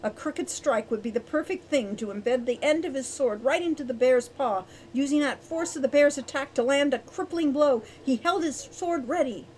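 Woman audiobook reader, bright higher voice, gives each character its own voice. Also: moderate pace, hardly any pauses, slight background noise, rough recording. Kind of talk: storybook narration.

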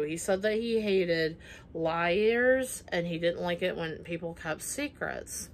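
A woman vlogger with a mid-range voice rambles through a personal story in casual chat, full of fillers, acting out what people said. The recording carries a little hiss or hum.

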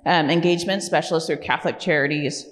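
A woman from California who directs a program gives an informal, conversational presentation to the public at a community meeting. Her voice is deep and her pace quick, and she uses lots of fillers like "um" and tag questions like "right?". The meeting hall adds a long reverb.

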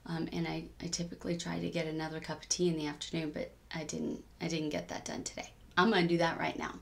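A woman's voice: sits low, level tone, quick pace, gravelly. A woman chatting in a rambling diary-style crafting vlog, with many ums, sounding a bit tired. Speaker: cross-stitch vlogger.

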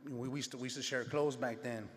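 A man at an event stands before an audience and tells his own story as a personal testimony. He speaks casually with street slang and acts out conversations along the way. His voice sits at an average pitch and trails off into a long hall reverb. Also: fairly even intonation, fast talker, slight background noise. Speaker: speaker sharing his life story at a gala.

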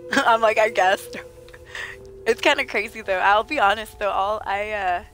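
A woman livestreaming a game, chatting playfully with viewers and laughing often, her voice a little rough from being sick. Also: mid-range voice, measured pace, a bit bright, soft background music. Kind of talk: casual livestream chat with viewers.

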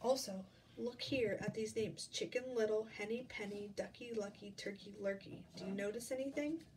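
A woman teacher reading a picture book aloud to children, explaining gently as she goes. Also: medium pitch, normal speed, far from the mic, a little hiss or hum.

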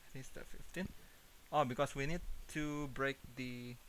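A man's voice: medium pitch, fairly even intonation, normal speed, a bit bright, slight background noise, low-quality recording. A man streaming a horror game, jumpy and nervous, laughing and muttering to himself.

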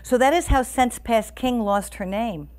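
A woman reading a storybook aloud to listeners as the storyteller, expressive and animated. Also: fairly high pitch, measured pace.

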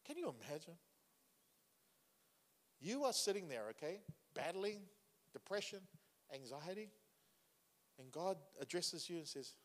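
A man delivers a sermon with loose, chatty energy, often turning to the congregation with questions. His voice sits fairly high for a man. The recording rings with the long reverb of a large hall. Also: a little slow, long pauses. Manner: conversational, animated preaching with asides to the congregation. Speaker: pastor.

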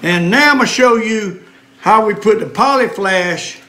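A man's voice: sits high, lively intonation, unhurried, bright, forceful tone, a little hiss or hum. An older man, talking in a folksy, chatty way as he hosts a casual fishing vlog outdoors by a lake. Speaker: fishing vlogger.

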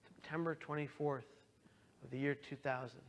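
A young man earnestly telling his own story as a talk, moving from quiet to impassioned. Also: medium pitch, steady tone, moderate pace. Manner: earnest, swings from hushed to impassioned. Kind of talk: personal testimony talk.

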